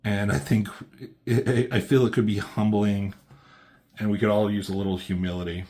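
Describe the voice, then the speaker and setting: A man quoting a calm warrior heroine, hesitant and earnest. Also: lowish voice, normal speed, lightly acted.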